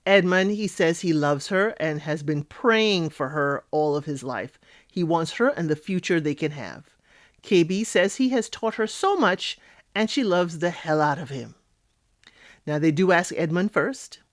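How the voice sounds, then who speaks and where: A woman hosting a casual reality TV recap, talking in an animated, outspoken way with sassy asides. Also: deep voice, no echo, studio quality.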